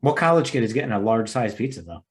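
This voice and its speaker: A young man with a mid-range voice talks quickly in a casual podcast conversation. He is playful and stubbornly insistent. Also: medium pitch, sing-song. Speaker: podcast co-host. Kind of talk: casual chat.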